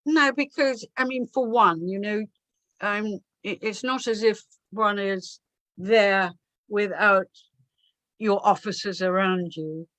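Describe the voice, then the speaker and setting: A woman, a guest author, telling animated anecdotes on a video call and often restarting her sentences. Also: mid-range voice, slow, dry recording. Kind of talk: anecdotal interview talk.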